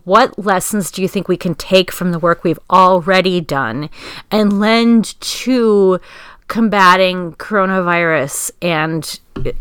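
A woman podcast host asking earnest, halting questions. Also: fairly low pitch, a bit bright, smooth, no echo, studio quality. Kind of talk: podcast interview.

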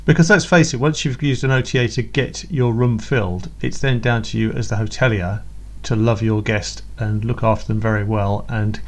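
A man hosting a podcast panel, posing brisk, leading questions to his guests. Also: on the low side, steady tone. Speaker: podcast host. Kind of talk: casual panel discussion.

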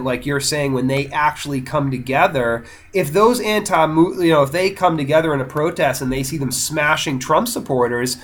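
A man co-hosting a casual political chat, animated, often tagging his points with "right?" and swinging between loud excitement and quiet musing. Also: on the high side. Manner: animated, tags statements with "right?".

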